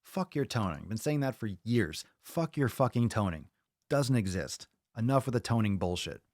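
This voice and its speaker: A man's voice: mid-range voice, big pitch swings, normal speed, darkish tone, no room sound, studio quality. Blunt, cursing male podcast host. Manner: blunt, profane, ranting. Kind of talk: casual podcast chat.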